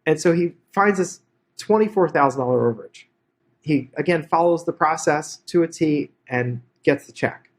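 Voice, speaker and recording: A man presenting on real estate investing, telling a story in a lively way and acting out each character's lines. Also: fairly high pitch, moderate pace. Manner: animated, acts out every character's dialogue. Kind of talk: anecdotal storytelling to an online audience.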